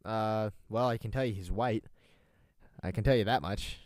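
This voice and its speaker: A young man from North Carolina hosts a loose live show, rambling between jokes and breaking into laughter. His voice sits on the low side. The sound is dry and close with no room echo. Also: normal speed, darkish tone. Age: young adult. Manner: joking, rambling, laughs often, relays a caller's words. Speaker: host of a live stream show. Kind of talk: casual joking chat.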